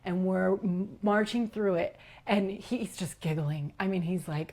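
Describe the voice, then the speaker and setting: A woman guest recounting a personal experience in an interview, animated and giggly, acting out quotes and dropping to a whisper at tense moments. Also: medium pitch, moderate pace, few pauses. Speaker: leadership coach, guest. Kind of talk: personal storytelling in a podcast interview.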